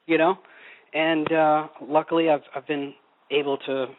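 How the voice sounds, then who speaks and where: Over a dry, tinny phone line with a touch of hiss or hum, a middle-aged Oklahoma man speaks at a moderate pace in a fairly high, flat voice. He's a voice actor guesting on a casual interview, laid-back and rambling, often restarting his sentences.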